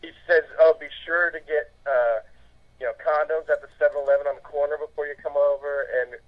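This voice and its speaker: Relaxed man on a dull phone line. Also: fairly high pitch, a little fast. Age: 40s. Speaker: phone-in guest. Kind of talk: casual chat.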